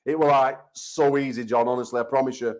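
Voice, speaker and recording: A man's voice: mid-range voice, fairly even intonation, a little fast, a little mellow, rough recording. English guy hosting a banter show, swears constantly, brash trash talk, mid voice. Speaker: host. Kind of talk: rowdy call-in chat show banter.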